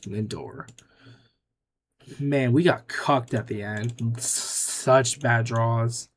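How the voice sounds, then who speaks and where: A man's voice: mid-range voice, extremely slow, slight background noise. A young man giving casual gameplay commentary, muttering offhand, dry remarks to himself as he makes picks. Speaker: gaming YouTuber.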